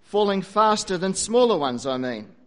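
A man's voice: high voice, lively intonation, normal speed. A man voicing an earnest young male student who apologizes eagerly and hesitantly. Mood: apologetic.

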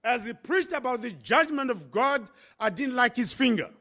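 A man from Africa telling his conversion story as a sermon testimony, impassioned with dramatic pauses. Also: extremely high pitch, animated, sharp tone. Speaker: preacher.

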